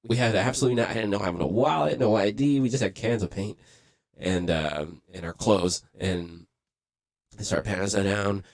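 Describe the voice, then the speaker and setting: A man hosting a livestream, casually telling a profane, animated story and acting out quotes along the way. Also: fairly low pitch, moderate pace. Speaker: livestream host.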